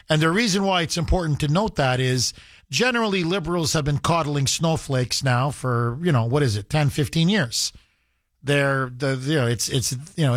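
Male radio host with a high-set voice; combative, emphatic monologue with lots of restarts, taken dry off a studio mic. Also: no room sound. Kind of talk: opinionated talk radio monologue. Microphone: studio microphone.

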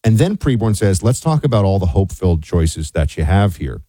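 A man's voice: low-pitched, sing-song, brisk, warm tone, no echo. A man co-hosting a talk radio show, chatting with his partner and then reading a sponsor ad. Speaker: radio co-host. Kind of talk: talk radio chat and ad read.

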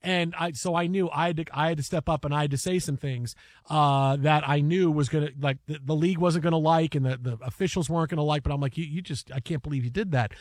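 A male sports talk co-host with a high-pitched voice tells stories in a casual, animated way, acting out what people said. The sound is dry and close, with no room echo. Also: fast. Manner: animated storytelling, acts out quotes.

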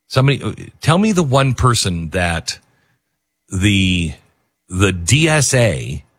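Male talk host, husky and lowish, lively delivery, dry close mic. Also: no room sound. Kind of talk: casual talk radio commentary.

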